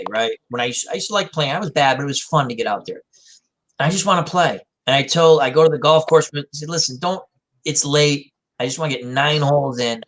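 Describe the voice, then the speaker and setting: Male host, somewhat high-pitched, loose and self-deprecating anecdotes, light background noise. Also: fairly bright tone. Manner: rambling storyteller, self-deprecating. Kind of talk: casual chat.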